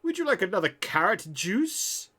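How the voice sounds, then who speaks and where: A man's voice: high-pitched, sing-song, moderate pace, sharp tone, voice pushed up, heavily acted. A man doing a prim robot butler bartender. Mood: courteous. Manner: prim, formal service talk.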